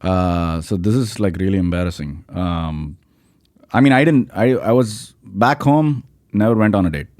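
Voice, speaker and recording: A man's voice: low-pitched, moderate pace, a little mellow, dry recording, clean studio sound. A man from India with an Indian accent, a stand-up comedian telling stories as a podcast guest in a rambling, casual way full of "like, you know". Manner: rambling, filler-heavy, with lots of "like, you know". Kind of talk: casual storytelling chat.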